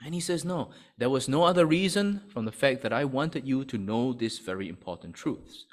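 A man's voice: mid-range voice, animated, moderate pace. A man preaching a sermon to his church, asking rhetorical questions and often checking in with "right?". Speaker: pastor.

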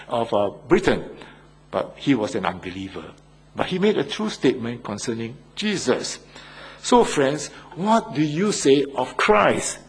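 Male preacher, husky, earnest sermon delivery with rhetorical questions. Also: mid-range voice.

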